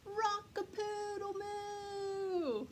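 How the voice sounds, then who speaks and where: Storybook cow, female, silly; big slow high moo-crow; woman voicing. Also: level tone, noisy background, exaggerated voice. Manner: drawn-out, loud, high sing-song moo-crow.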